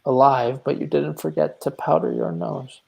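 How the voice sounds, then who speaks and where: A man voicing a blunt, quick-tempered male landowner who talks in scorn and mockery, in a stage play read over a video call. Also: on the high side, creaky, a little mellow. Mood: mocking. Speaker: actor in a live online reading.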